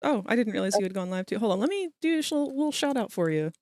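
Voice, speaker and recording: A woman's voice: mid-range voice, big pitch swings, fast talker, a little mellow, dry recording. A young adult woman hosting a livestream, chatting casually with friends and laughing often. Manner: chatty, giggly, talks over friends. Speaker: livestream host. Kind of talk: casual stream chat.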